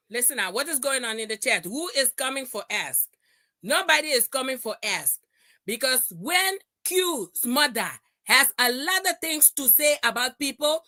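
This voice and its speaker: A woman on a heated livestream, her voice high and bright, swinging widely in pitch as she confronts and repeats herself. The sound is dry and close. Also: dry recording. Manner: confrontational, repeats lines, shouts at times. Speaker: livestream host.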